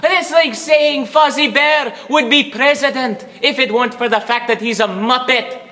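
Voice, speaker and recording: A man's voice: very high voice, normal speed, pushed and bright, exaggerated voice. A young man playing a grumbling, self-pitying Scottish shepherd in a put-on Scottish accent, performing a humorous interpretation piece. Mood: ranting. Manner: ranting, self-pitying, theatrical. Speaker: student competitor.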